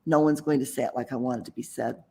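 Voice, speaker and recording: A man's voice: medium pitch, steady tone, quick pace, a little mellow, breathy edge. A man guest who writes books and mentors people, talking casually and confidently in an interview, rambling a little with restarts. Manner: chatty, self-assured, rambling with restarts.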